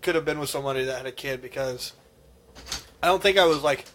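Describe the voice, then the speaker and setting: A man's voice: mid-range voice, quick pace, noisy background. A man on a casual podcast, rambling earnestly through a personal story. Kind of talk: casual chat.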